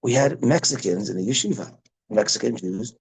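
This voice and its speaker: A middle-aged rabbi, Israel-educated and a Hebrew speaker, teaches a parenting class casually, rambling, repeating words and cutting himself off mid-sentence. His lowish voice is gravelly and slightly rough, fairly quick, on a rough recording.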